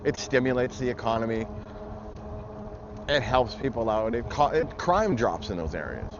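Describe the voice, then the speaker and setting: A man's voice: mid-range voice, lively intonation, normal speed. A man vlogging, ranting heatedly and bluntly with plenty of swearing. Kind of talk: angry political rant. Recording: muffled audio with loud traffic noise.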